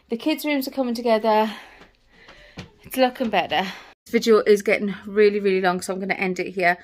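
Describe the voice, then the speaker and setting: A woman's voice: mid-range voice, fairly quick. Woman, out of breath, chatty and rambling, home vlog. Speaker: vlogger. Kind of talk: casual vlog talk. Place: indoors at home.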